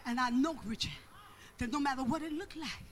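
A pastor preaching a sermon with passion, shouting and half-singing repeated refrains. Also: sits high, a little fast. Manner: repetitive call-and-response preaching.

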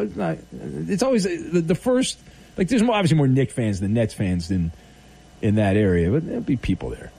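A man's voice: fairly high pitch, dark tone. A man hosting a late-night call-in radio show, reading listener messages aloud and bantering easily with callers. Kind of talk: casual call-in radio talk.

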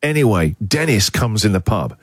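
A middle-aged man hosting a radio show, telling a story in a chatty, animated way with laughs. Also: on the low side, moderate pace, no echo, clean studio sound. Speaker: radio host. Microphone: studio microphone.

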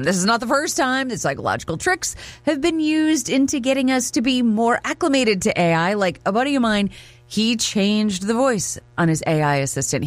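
Woman radio host, animated and casual, dry close sound. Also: medium pitch, no echo. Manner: chatty, animated, joking.

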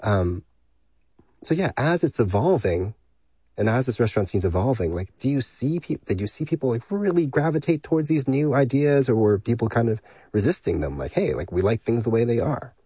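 A man hosting an interview, asking long, relaxed, rambling questions. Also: mid-range voice, fairly quick, breathy edge, no room sound.

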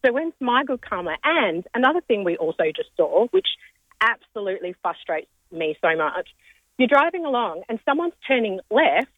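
A woman's voice: a little high, big pitch swings, moderate pace, no room sound. A woman with a cold calls a radio show to vent. She sounds exasperated, and her voice comes through a tinny phone line with a dry sound. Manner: exasperated ranting. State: has a cold. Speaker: caller.

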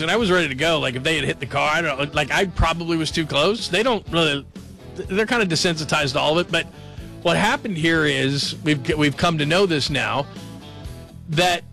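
Male late-night sports radio host, gravelly edge, bright tone, chatty and joking. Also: a little high. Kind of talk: casual radio talk.

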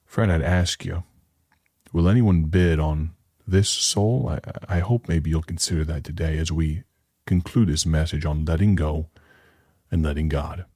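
A man's voice: a bass voice, unhurried, dark tone, breathy edge, no room sound, studio quality. A man introducing a recorded sermon on his broadcast, telling the story behind it in an earnest, conversational way. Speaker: radio preacher.

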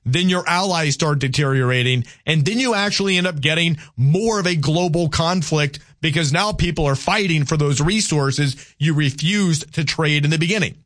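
A Southern American man hosts a call-in radio show in a slightly high voice. He stumbles and repeats words as he thinks aloud, then turns firm and argumentative when pushing back on a caller. The sound is dry and close, with no room around it. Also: moderate pace, few pauses, fairly bright tone, no room sound. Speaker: radio talk show host.

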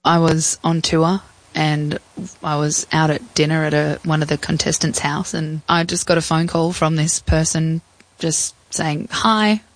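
A young Australian woman recounting a personal story as an interview guest, reflective and halting with fillers. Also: low voice, flat delivery, poor audio.

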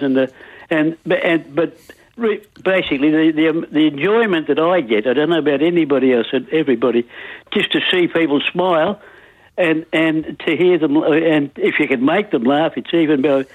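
Bloke calling into radio, halting and cheery, slightly high voice, tinny phone line. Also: male voice, dry recording. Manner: halting, restarts often, cheerful. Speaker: caller. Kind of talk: phone-in chat.

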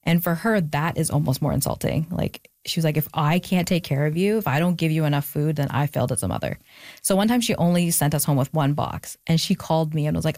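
A woman's voice: low-pitched, fast, a little mellow, dry recording, studio quality. A young adult woman speaking as an interview guest, reflective and thoughtful, with many fillers and moments of emotion. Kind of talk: casual interview conversation.

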